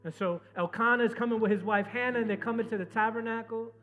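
A man preaching a sermon to his congregation, swinging from loud, urgent exhortation down to soft, low storytelling. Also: steady tone, fast talker, soft background music. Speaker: pastor.

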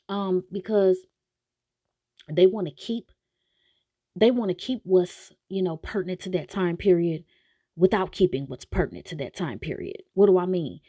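A woman's voice: fairly low pitch, expressive, normal speed, pauses often, warm tone, dry recording. A woman hosting a podcast, ranting bluntly and with exasperation in casual opinionated commentary. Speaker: podcast host reviewing a TV series.

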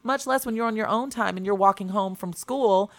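A young adult woman co-hosting a casual podcast chat, telling stories earnestly with quick restarts. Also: medium pitch. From Chicago area. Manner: earnest, rapid storytelling with restarts. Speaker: podcast co-host.

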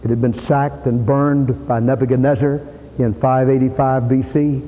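Emphatic preacher in a reverberant hall. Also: male voice, mid-range voice, level tone, moderate pace. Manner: emphatic, repeating lines and rising to shouted peaks. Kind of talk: sermon.

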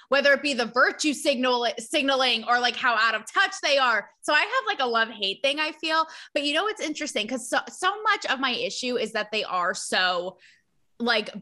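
A woman hosting a podcast in a casual chat, playful and jokey, quick with puns. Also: sits high, bright, forceful tone. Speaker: podcast host.

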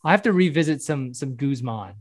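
A man's voice: mid-range voice, lively intonation, brisk, no echo. Casting note: man, casual podcast chat, rambling and self-correcting, dry mic. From American South.

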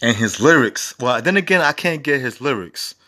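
A man's voice: medium pitch, lively intonation, moderate pace, sharp tone. A man in his forties hosting a casual music review show, rambling and profane with enthusiastic asides. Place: home recording setup.

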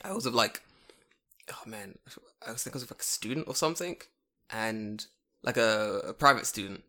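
A man co-hosting a podcast, telling stories in a loose, animated way, swearing often and acting out the people he quotes. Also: fairly low pitch, normal speed. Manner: animated, swears a lot, acts out voices in his stories. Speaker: podcast co-host; English teacher in Japan. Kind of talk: casual storytelling chat.

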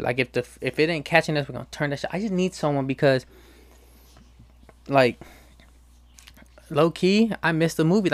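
A man's voice: mid-range voice, a bit bright, clean tone, dry recording. A young man hosting his own show, talking casually in a slangy, profane, ranting way. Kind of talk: casual monologue.

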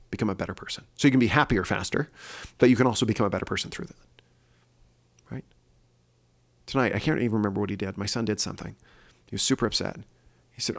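This gravelly, fairly low-pitched voice belongs to a podcast host delivering a solo opinion monologue. He speaks with sincerity, working through his ideas aloud and leaning often on filler words.

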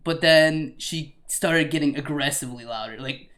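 A young man tells a story about his carpet-department job in a lively chat. He swears freely and often laughs while he talks. His voice sits a little high. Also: moderate pace. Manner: animated, profane, laughs while telling stories.

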